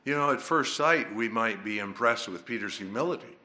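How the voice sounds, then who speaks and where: A man preaching a sermon, emphatic and dramatic, swinging from hushed to loud. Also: medium pitch, lively intonation, a little fast.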